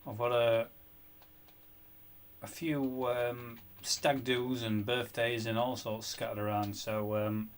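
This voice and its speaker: A man's voice: medium pitch, level tone, slow. Mumbling man streaming games. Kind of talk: casual live-stream chat while gaming.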